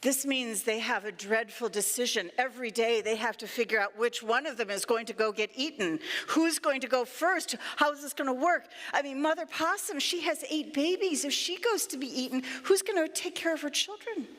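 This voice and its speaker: A woman minister telling a playful, animated story to children during a church service. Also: sits high, normal speed, hardly any pauses. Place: church sanctuary. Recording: echoey church sanctuary.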